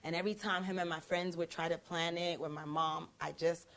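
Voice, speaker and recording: A young woman host telling a personal story in casual chat, acting out the quoted lines with lively emphasis. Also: lowish voice, a little fast. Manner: animated, acts out quoted lines. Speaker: prophetess and show host.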